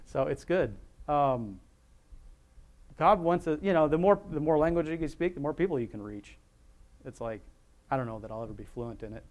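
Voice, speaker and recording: A man's voice: mid-range voice, a little mellow. A man preaching an informal sermon in a rambling, conversational way, often chuckling as he talks.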